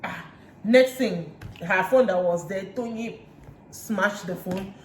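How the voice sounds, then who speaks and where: A Nigerian woman recapping reality TV in a chatty way, retelling scenes with lively asides. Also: medium pitch, takes it slowly. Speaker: reality TV reviewer. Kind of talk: casual recap chat. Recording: roomy room echo, faint hiss.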